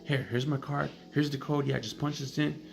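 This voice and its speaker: A man's voice: fairly high pitch, fairly even intonation, creaky, over music, voice pushed up. A man voicing his embarrassed friend, nervous and evasive at a checkout. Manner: evasive, hurried.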